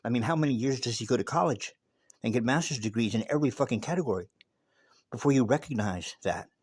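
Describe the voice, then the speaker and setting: A man's voice: medium pitch, expressive, fast, a little mellow, husky, dry recording, clean studio sound. A man giving a casual spoken monologue and telling a story, emphatic and profane, often repeating words as he goes.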